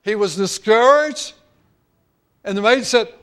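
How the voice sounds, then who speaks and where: A man's voice: high voice, slow. A male pastor preaching a sermon, earnest, drawing out key words for emphasis.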